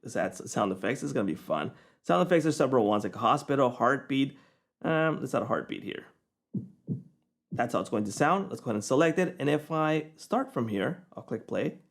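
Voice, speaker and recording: Guy demoing an app on screen, easygoing, keeps saying okay, mid-pitched voice. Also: animated, brisk. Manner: casual, chatty, keeps checking in with "okay?". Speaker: software reviewer. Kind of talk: screen-recorded software tutorial.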